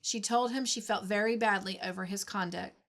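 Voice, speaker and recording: A woman reads a classic novel aloud, with measured, expressive storytelling. Her voice sits at a middle pitch for a woman. She paces the narration calmly and evenly. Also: creaky. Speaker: storybook reader.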